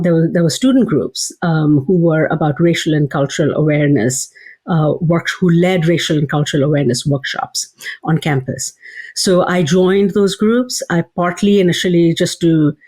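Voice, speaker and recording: A woman's voice: fairly low pitch, a little mellow. A woman, a psychology professor and author, giving thoughtful interview answers with frequent fillers and restarts.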